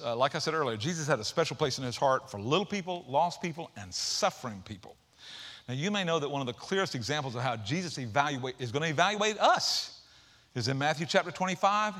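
A man preaches to his church with a high, bright, somewhat tense voice. He is energetic and conversational, slipping in jokes and casual asides. The delivery is a lively sermon. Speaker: pastor.

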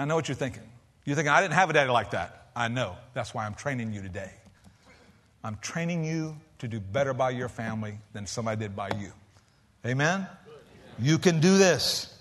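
A middle-aged man preaching a sermon to a large church, folksy and lively, swinging between loud emphasis and soft hushed lines. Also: fairly high pitch. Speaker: pastor.

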